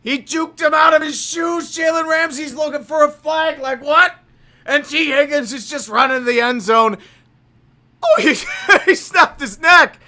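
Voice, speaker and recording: A man with a very high, piercing voice calls football play by play on his own stream. He is profane and excitable and breaks into shouts on big plays. He is recorded from a little distance. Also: a little slow. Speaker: livestream commentator. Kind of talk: amateur play-by-play commentary.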